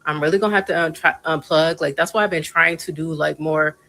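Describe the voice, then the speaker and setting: A woman's voice: low-pitched, fairly even intonation, a little fast, a bit bright, rough recording. A woman ranting on a podcast in a heated but weary way. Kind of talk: impassioned casual podcast talk.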